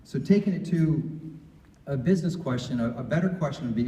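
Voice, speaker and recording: A man speaking as a guest financial advisor, giving an animated motivational talk to students and peppering them with questions. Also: mid-range voice, fairly quick. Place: room at a campus ministry gathering. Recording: echoey room, from far off, dull.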